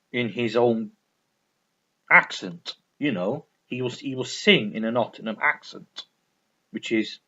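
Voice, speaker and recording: A man's voice: a little high, a bit bright. A man chatting casually about his records, enthusiastic and rambling, often repeating himself. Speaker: vinyl collector vlogger. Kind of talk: casual record review chat. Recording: dull lo-fi recording.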